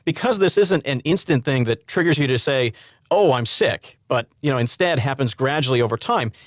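A man hosting a radio infomercial as an upbeat salesman who reads out the phone number slowly and repeatedly. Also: medium pitch, lively intonation, no room sound, studio quality. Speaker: radio host.

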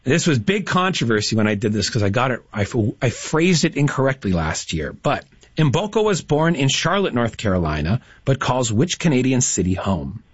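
Animated male radio quiz host. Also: medium pitch, moderate pace, husky, dry recording. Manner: lively, chatty and encouraging with callers. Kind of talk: upbeat radio call-in quiz hosting. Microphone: studio broadcast mic. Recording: slightly dull, dry studio mic.

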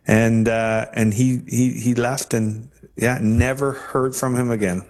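A man guest telling a personal faith testimony in an earnest, halting way, often restarting his sentences. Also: medium pitch, level tone. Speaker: interview guest.

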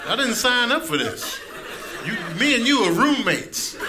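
A male comedian voicing a bossy, indignant hungry house cat, loud and complaining. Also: very high voice, big pitch swings, measured pace, pitched above the performer's own voice, exaggerated voice. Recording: noisy live club recording.

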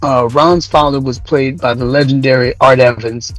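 A man's voice: medium pitch, steady tone, moderate pace, a bit bright, dry recording, soft background music, low-quality recording. A man talking as an actor guest on a radio show, answering expressively and with emphasis. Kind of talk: interview answers.

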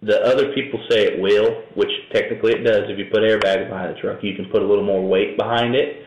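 A man's voice: lowish voice, fairly even intonation, quick pace. A man talking casually and knowledgeably as an interview guest, in a loose, rambling, matter-of-fact way. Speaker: truck and camper towing expert guest. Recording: echoey room, faint noise.

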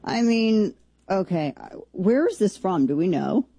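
A woman's voice: medium pitch, very animated, unhurried, warm tone, a little hiss or hum. A woman hosting a talk radio show, riffing incredulously and jokingly on a video clip in a rambling way. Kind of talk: opinionated talk radio commentary.

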